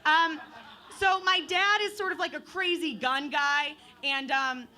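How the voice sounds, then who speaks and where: A woman's voice: sits high, steady tone, unhurried, pushed and bright. A woman in her twenties from Michigan doing open mic stand-up comedy, chatty and profane, playing with the crowd on a bar stage. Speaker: stand-up comic.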